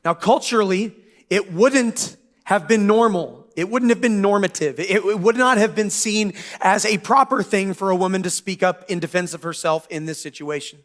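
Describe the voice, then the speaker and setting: High-voiced man preaching casually. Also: a bit bright. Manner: casual, joking preacher with quick asides. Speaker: pastor. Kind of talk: sermon. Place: church.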